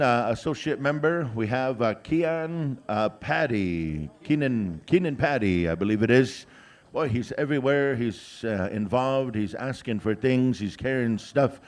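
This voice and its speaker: A man emceeing a powwow outdoors, drawing out names as he announces them, with frequent "uh" fillers and joking asides. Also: mid-range voice. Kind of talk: live announcing with jokes.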